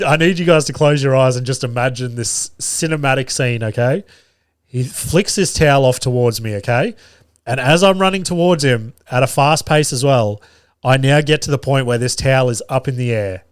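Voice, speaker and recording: A man in his thirties hosting a podcast, telling a profane, lively anecdote about his family with frequent laughter. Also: medium pitch, no echo, studio quality. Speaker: podcast host. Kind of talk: casual storytelling.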